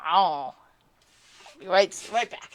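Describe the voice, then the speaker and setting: A woman's voice: lowish voice, slow pace, a little hiss or hum. A woman chatting casually on a live stream, answering her chat in a rambling, candid and self-deprecating way.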